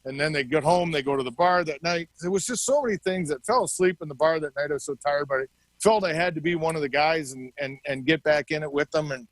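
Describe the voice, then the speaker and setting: A man's voice: fairly high pitch, quick pace, dry recording, poor audio. A middle-aged man telling stories casually as an interview guest, acting out the dialogue as he goes. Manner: animated storyteller acting out quoted dialogue. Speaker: interview guest, former hockey player. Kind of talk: casual storytelling.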